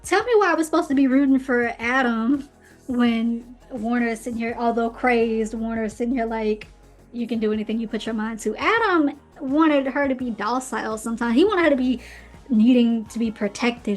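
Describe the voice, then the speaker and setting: A woman hosting her own book podcast, talking in a chatty, opinionated way and tossing in playful asides as she recaps the story. Her voice sits a little high. Soft music plays faintly underneath. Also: moderate pace. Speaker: podcast host reviewing books. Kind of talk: casual commentary. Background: faint background music.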